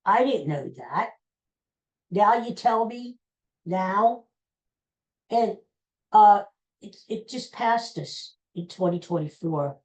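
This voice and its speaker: A woman's voice: medium pitch, lively intonation, slow, pauses often, darkish tone, low-quality recording. A woman hosting a podcast, chatting casually and rambling, often correcting herself and stumbling over names. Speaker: podcast host. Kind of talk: casual solo chat.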